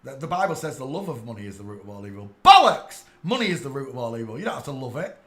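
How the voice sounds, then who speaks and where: An English man ranting on a live stream, preachy and irate, swearing and bursting into shouts at his chat. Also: mid-range voice, animated, rapid-fire, reverberant.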